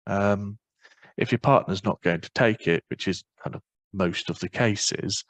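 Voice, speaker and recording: Low-voiced man presenting a webinar. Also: no echo, rough recording. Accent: Northern Irish. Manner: quick, informal explaining with many fillers. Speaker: webinar presenter on parental leave.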